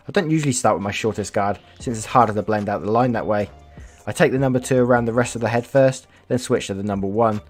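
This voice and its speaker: A man reading online stories aloud as a YouTuber, casual, swearing, breaking off to react and comment. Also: fairly low pitch. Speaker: storytelling YouTuber.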